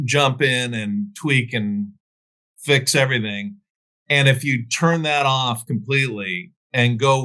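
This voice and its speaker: A man's voice: medium pitch, bright, forceful tone. A man hosting an interview, agreeing and thinking aloud with fillers. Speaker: podcast host. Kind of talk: interview conversation.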